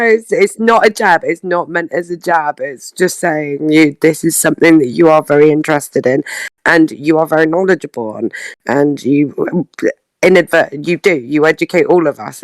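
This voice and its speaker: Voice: medium pitch, no echo. A podcast co-host in casual chat, earnest and groping for the right words.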